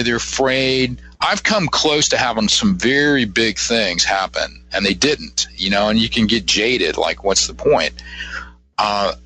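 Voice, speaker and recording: On a rough recording, a man from Ohio with a lowish, pushed, bright voice appears as a psychic guest on a radio talk show. He speaks earnestly and encouragingly, often restarting his sentences and saying "you know."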